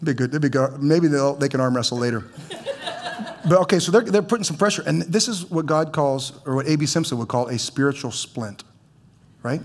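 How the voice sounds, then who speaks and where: A man's voice: a little high, lively intonation, fairly quick. A man preaching as a pastor in a church, conversational, with stammering restarts and teasing humor. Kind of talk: sermon.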